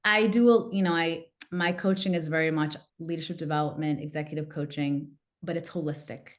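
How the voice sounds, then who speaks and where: A woman, a coach and podcast guest, telling a personal story in a lively way and acting out what her family said. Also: low voice, a little fast. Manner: animated, acts out quoted family members. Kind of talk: casual interview storytelling.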